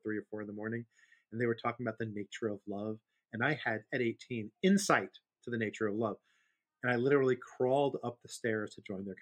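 Rambling older-sounding podcast co-host. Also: male voice, lowish voice. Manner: rambling storyteller, laughs easily. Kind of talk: casual chat.

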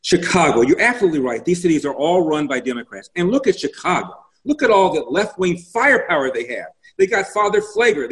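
Male guest commentator, emphatic, stat-heavy, slightly high voice. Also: poor audio. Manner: emphatic, rattles off statistics. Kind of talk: political interview.

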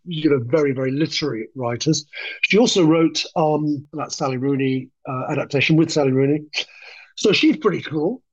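A man's voice: a little high, husky, lo-fi sound. A man, a film director, talking as a podcast guest, enthusiastic and rambling, often restarting his sentences. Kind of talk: conversational interview.

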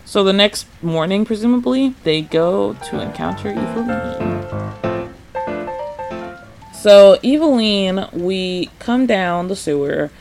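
Man, high voice, casual solo podcast host, chatty, lots of "like", animated. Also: slow, vocal fry, music in the background. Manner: chatty, says "like" often, laughs a lot; animated, acts out characters' lines.

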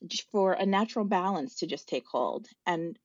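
A woman's voice: on the low side, animated, moderate pace, darkish tone, dry recording, lo-fi sound. A woman podcast guest speaking reflectively and conversationally. She searches for her words and uses fillers as she tells her story.

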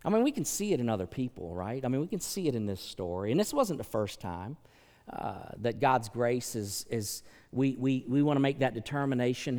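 A man's voice: very animated, fairly quick, darkish tone. A man preaching in a mid-range voice, moving between casual asides and sudden raised emphasis. His voice carries a long reverb from a large church sanctuary. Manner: conversational preaching with folksy asides and sudden rises in pitch. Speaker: pastor. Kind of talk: sermon.

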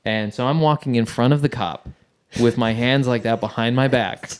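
A man's voice: mid-range voice, normal speed. A man casually telling a long personal anecdote, acting out the voices of the people in it. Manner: lively storyteller who acts out quoted voices and laughs between lines. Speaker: guest storyteller.

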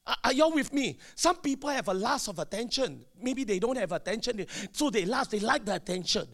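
Male pastor; high and highly animated, preaching with loud emphatic bursts. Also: brisk. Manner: emphatic preaching with sudden shouted bursts and call-and-response. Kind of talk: sermon.

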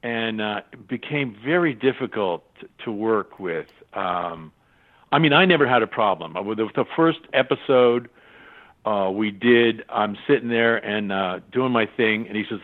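An older man, a guest in a casual interview, telling lively anecdotes, acting out other people's voices and laughing often. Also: fairly low pitch, moderate pace. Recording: tinny phone-line sound.

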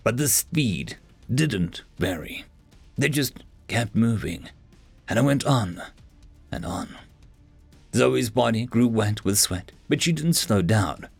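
Male storyteller with a lively, gravelly read and no room sound. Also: on the low side, takes it slowly, pauses often, no echo, faint music behind. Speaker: narrator. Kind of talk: audiobook narration.

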